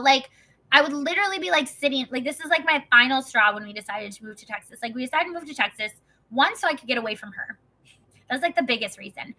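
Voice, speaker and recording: Woman in her twenties, high pitch, very bright sharp tone, casual profane rant, constant "like" filler. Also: rough recording. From Wisconsin. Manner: profane, heated, heavy use of "like" as filler. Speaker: vlogger. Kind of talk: casual storytelling.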